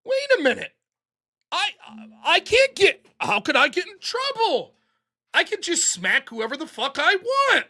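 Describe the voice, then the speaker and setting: A man's voice: extremely high pitch, wildly swooping pitch, unhurried, sharp tone, voice pushed up, exaggerated voice. A man mocking a whiny, indignant young woman. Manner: whiny mock-outraged.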